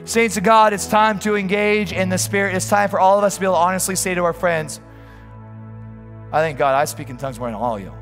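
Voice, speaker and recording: A man's voice: high-pitched, fast talker, a bit bright, faint music behind. A man preaching a fervent sermon as a pastor, stumbling over restarts as he tells a story.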